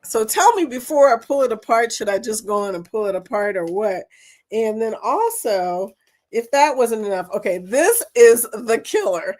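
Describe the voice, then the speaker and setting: A woman's voice: fairly high pitch, lively intonation, moderate pace, a little mellow. Bubbly laughing woman host. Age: older. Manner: bubbly, laughs often, talks to viewers by name. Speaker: livestream host. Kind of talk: casual live chat.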